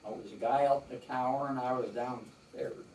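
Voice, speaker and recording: A man's voice: mid-range voice, steady tone, moderate pace, darkish tone, a little hiss or hum. An older man telling rambling, folksy war stories to a small audience, quoting others at length. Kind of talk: casual storytelling to a small audience. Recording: roomy, from far off the mic.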